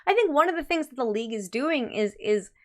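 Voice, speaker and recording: A young woman hosting a casual interview, chatty and animated, with lots of filler words. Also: high voice, brisk. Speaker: host.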